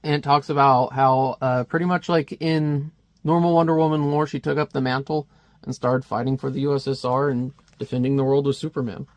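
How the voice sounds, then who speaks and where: A man's voice: mid-range voice, fairly even intonation, brisk, no room sound. A man casually reviewing a comic, chatty and wry, with many fillers.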